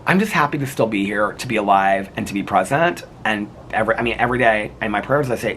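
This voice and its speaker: A man's voice: lowish voice, lively intonation, fast talker, few pauses, a bit bright, slight background noise. A man talking to camera in a casual, reflective vlog, rambling with lots of restarts and fillers. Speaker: vlogger.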